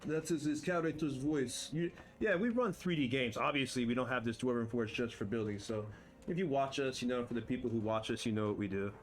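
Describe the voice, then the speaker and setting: A man streams live while building game terrain, chatting playfully to himself and his viewers and boasting for fun. His mid-range voice moves fairly quickly, picked up by a desk mic with headphones, with faint music behind.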